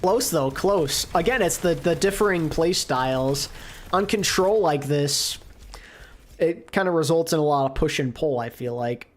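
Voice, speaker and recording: Excitable woman co-streaming esports. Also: deep voice, a little slow. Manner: excitable, reacting loudly to big plays; casual internet slang. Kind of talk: live esports co-stream commentary.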